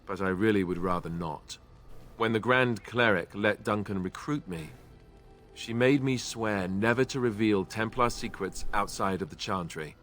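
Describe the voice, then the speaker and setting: A man acting out a young former templar and warden in a video game, speaking with a British accent. His voice sits on the low side, dry and self-deprecating. Faint game music plays behind him. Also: normal speed, fairly bright tone, lightly acted. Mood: wry.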